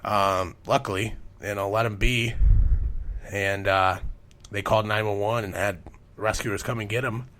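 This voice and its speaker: A man's voice: lowish voice, steady tone, a little slow, bright, forceful tone, slight background noise. A man hosting a podcast, telling stories in a casual, rambling way and swearing constantly. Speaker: podcast host.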